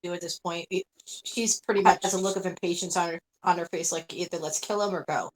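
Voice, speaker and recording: A woman playing a tabletop game, describing her character's actions in a halting way, full of restarts. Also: lowish voice, fairly even intonation, low-quality recording. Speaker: player.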